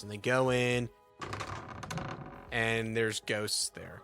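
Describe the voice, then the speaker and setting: A man in casual podcast chat about films, spinning loose, rambling hypothetical stories. His voice sits at an ordinary middle pitch. Faint music plays behind him. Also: slow pace, long pauses. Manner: rambling, animated storytelling with laughs. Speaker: podcast co-host. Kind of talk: casual movie review chat.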